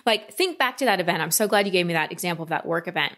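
A woman coaching a client in a calm talk, often slipping into quoted inner voices. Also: lowish voice, racing. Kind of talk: coaching session.

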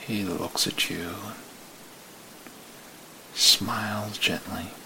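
A man narrating a story in the second person in a slow, hushed way that sometimes drops to a whisper. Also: fairly low pitch, fairly even intonation, creaky, a little hiss or hum, low-quality recording.

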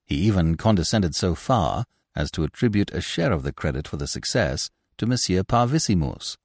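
A male podcast storyteller reads a classic novel with a low voice that swoops widely in pitch. He is theatrical and expressive, recorded close and dry with no room sound. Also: moderate pace, no echo. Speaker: podcast narrator. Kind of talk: scripted narration of a classic novel.

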